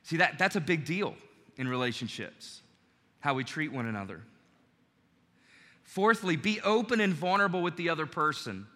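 A man's voice: a little high, expressive, normal speed, pauses often, bright, forceful tone, long reverb tail. A man preaching a sermon in a conversational way, acting out quoted lines as he goes. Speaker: pastor.

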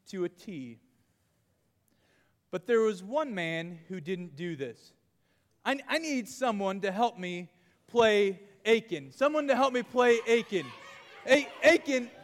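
Youth pastor, male, high and bright, animated crowd-work, reverberant hall. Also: takes it slowly. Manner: playful, animated, calling out to a crowd. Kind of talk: energetic youth group lesson with audience game.

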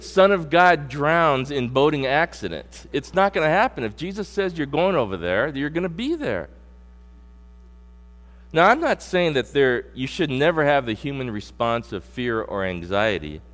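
A middle-aged man preaching a sermon as pastor. He moves from loud, punchy emphasis to slow, low scripture reading. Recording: long hall reverb with mains hum.

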